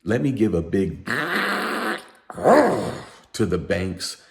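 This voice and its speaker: Middle-aged accountant, animated rant to camera, lively swinging delivery with a deep voice, running on little sleep. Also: male voice, very slow, gravelly. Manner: emphatic, ranting, animated. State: sleep-deprived. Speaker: accountant and tax educator. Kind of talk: heated unscripted talk to camera.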